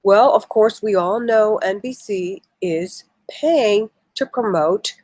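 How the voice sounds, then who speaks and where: A woman's voice: mid-range voice, slow, a little mellow, no echo, poor audio. Indignant woman live-streaming political commentary. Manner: indignant, emotional, reads articles with asides. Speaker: political livestream host. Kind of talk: casual live-stream commentary, reading news aloud.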